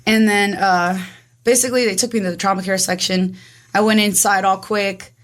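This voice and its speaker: A woman in her twenties telling her own story in casual chat, rapid and animated, acting out what everyone said with lots of "like". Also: medium pitch. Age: 20s. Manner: rapid, animated, acts out dialogue with frequent "like". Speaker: guest.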